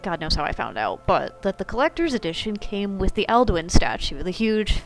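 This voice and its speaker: A woman co-hosting a casual gaming podcast, relaxed and teasing with a dry humor, rambling through her stories. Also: mid-range voice, moderate pace, music in the background, low-quality recording. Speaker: podcast co-host.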